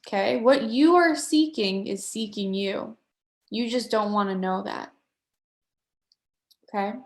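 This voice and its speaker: A woman's voice: medium pitch, slow, reverberant. A woman leading a live online motivational workshop, talking in a playful, upbeat way and coaxing her audience along. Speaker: workshop facilitator.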